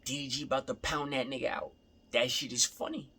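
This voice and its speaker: A man's voice: medium pitch, fairly even intonation, brisk, pushed and bright, husky. A young man in a casual, rambling rant, repeating himself and swearing freely. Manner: rambling, repeats himself, profane, laughing asides.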